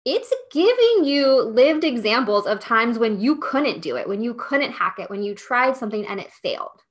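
A woman's voice: fairly high pitch, fairly bright tone. A woman hosting a solo podcast, coaching business owners in a chatty, emphatic way with lots of "like" and "okay?".

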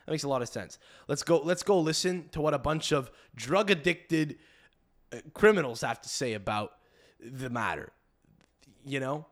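A young man hosting a podcast in casual chat, animated and joking, swearing as he rants. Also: medium pitch, normal speed. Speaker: podcast host.

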